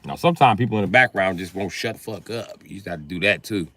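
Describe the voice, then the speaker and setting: A male comedian performs a live monologue of profane comic stories, voicing both sides of conversations. He's animated and fast, with no echo, jumping into loud, high shouts as he acts out scenes.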